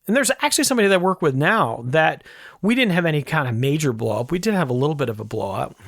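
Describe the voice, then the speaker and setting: A man's voice: on the high side, creaky, no room sound. A man hosting a podcast, telling a rambling, chatty story with asides, in a dry close mic recording. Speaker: podcast host. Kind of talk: casual storytelling monologue.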